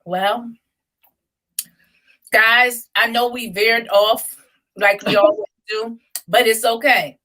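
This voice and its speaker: Bright-voiced woman hosting a livestream. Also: on the high side, steady tone, slow pace, poor audio. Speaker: livestream host. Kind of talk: casual livestream chat.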